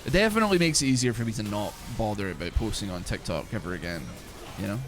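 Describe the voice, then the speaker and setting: A young man from Glasgow with a softened Scottish accent, chatting casually and profanely on a game stream, with lots of "like" and "man". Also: on the low side, expressive, fast, soft background music. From Glasgow, Scotland. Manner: rambling, profane, full of "like" and "man". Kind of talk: casual live-stream chat while gaming.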